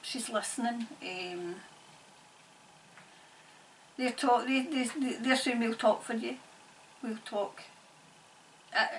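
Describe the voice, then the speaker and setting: A woman giving a spirit-channelling reading in halting, repetitive, murmured phrases. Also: fairly high pitch, a bit bright. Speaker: tarot reader and medium. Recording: distant mic, faint background noise.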